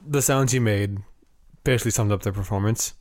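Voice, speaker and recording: A man's voice: lowish voice, brisk, a little mellow. A man co-hosting a casual podcast chat, teasing and sarcastic. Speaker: podcast co-host.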